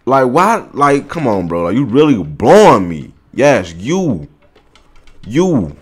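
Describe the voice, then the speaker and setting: A young man hosting a reaction video, talking in a casual, slangy, excitable way straight to his viewers and to the video on screen. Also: mid-range voice, a little slow, breathy edge.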